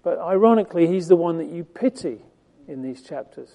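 Male preacher, conversational and emphatic sermon delivery, slightly high pitch, very warm dark timbre. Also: expressive, fairly quick, creaky. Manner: conversational, emphatic, with frequent fillers and restarts. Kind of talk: sermon, Bible teaching.

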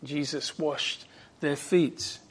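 A man preaching an expository sermon, fervent and emphatic, dropping to hushed tones and rising to ringing emphasis. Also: on the high side, fairly even intonation, drawn-out words, slightly rough.

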